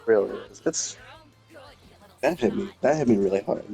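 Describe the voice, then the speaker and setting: Husky low-voiced laid-back man. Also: expressive, moderate pace, warm tone, soft background music. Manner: laid-back, brief reactions. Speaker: gaming channel co-host. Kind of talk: casual chat.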